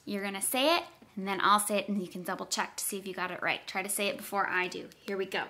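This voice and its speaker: A woman teaching phonics to young children, sounding out letters slowly and deliberately and praising cheerfully. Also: medium pitch, sharp tone.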